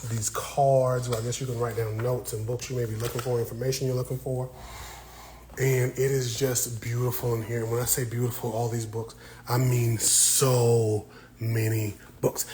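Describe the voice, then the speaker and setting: A man chats with his live-stream viewers in a relaxed, playful way, teasing them as he goes. His voice sits at an ordinary pitch and is picked up on a phone inside a quiet library, with a faint hiss in the background. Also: unhurried, poor audio. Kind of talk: casual live-stream chat. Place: indoor library.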